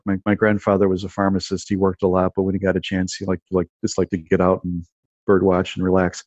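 A low-pitched man in his fifties spins a casual, rambling story, stumbling over restarts and leaning on filler words. The recording is dull and lo-fi, with a dry, close sound and no room around it. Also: completely flat delivery, fast, darkish tone, no echo. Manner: rambling, restarts and repeats words, lots of "you know" and "like". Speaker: guest telling personal stories.

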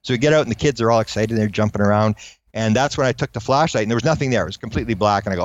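Fast-talking man telling a story. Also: lowish voice, dry recording, dull audio. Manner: fast, animated storyteller who acts out quoted voices. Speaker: guest recounting UFO encounters. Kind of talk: anecdotal storytelling.

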